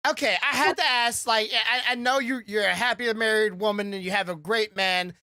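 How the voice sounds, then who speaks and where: A woman's voice: fairly high pitch, moderate pace, sharp tone. A woman co-hosting a podcast, asking curious, rambling questions in casual chat. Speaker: podcast co-host.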